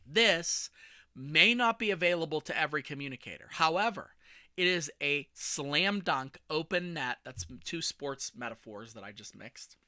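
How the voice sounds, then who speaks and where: A man in his forties, a communication coach hosting his own podcast, talking solo with lively energy and self-deprecating jokes. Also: fairly high pitch, moderate pace, no room sound, studio quality.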